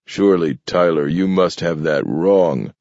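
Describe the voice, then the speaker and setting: A man reading an audiobook, voicing a sly, amused male mutant who talks in a mild, easygoing, quietly mocking way. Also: sits low, a little slow, dry recording. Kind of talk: audiobook character voice. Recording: dull, dry studio read.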